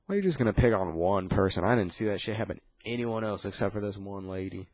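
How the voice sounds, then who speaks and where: A man with a lowish voice rants in a loose, casual way, cursing nearly every line and restarting his sentences. The sound is dry, with no room echo. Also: fast talker, few pauses, darkish tone. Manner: swears constantly, rambling with restarts. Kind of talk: casual profane rant.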